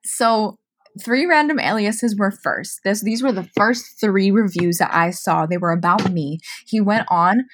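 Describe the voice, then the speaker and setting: Animated young woman telling a story. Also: mid-range voice, a little slow. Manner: animated, profane, lots of "like". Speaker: podcast co-host. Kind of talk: casual storytelling chat.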